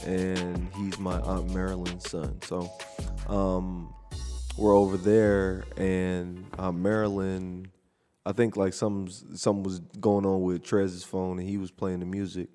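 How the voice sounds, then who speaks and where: A man co-hosting a podcast in casual chat, telling lively family stories and breaking into short sung snippets. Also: deep voice, a little slow, big-room sound, soft background music. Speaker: podcast co-host.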